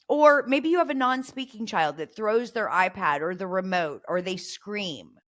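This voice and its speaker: A woman's voice: medium pitch, animated, a little slow, hardly any pauses. A middle-aged woman hosting a parenting podcast, coaching listeners and acting out example phrases to say to a child. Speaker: podcast host.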